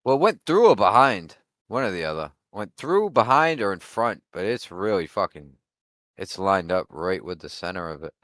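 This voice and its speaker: Crude, blunt man with a lowish voice on a dry voice call. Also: very animated, moderate pace, a bit bright, dry recording. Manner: crude, blunt, swears freely. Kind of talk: casual chat on a voice call.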